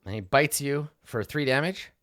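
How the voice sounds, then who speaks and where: A man narrating as game master in a tabletop game, animated and laughing, with frequent fillers. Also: mid-range voice, normal speed, no room sound, clean studio sound.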